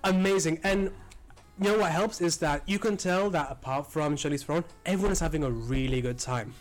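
An Englishman co-hosting a podcast, telling stories with animated energy and a habit of swearing. His voice sits a little higher than most men's, and his English accent comes through clearly in relaxed conversation. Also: brisk, soft background music. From England. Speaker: podcast co-host. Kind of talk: casual chat.

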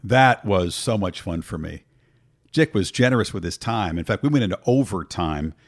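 A man's voice: low-pitched, lively intonation, moderate pace. A man hosting a talk show, speaking earnestly and thankfully, often repeating words as he starts a thought. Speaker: host. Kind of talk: casual chat.

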